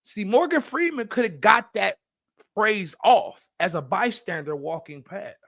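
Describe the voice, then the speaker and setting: Lively high-pitched gravelly man. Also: unhurried, no echo, clean studio sound. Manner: animated storytelling, profane, acts out voices. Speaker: podcast co-host. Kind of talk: casual chat.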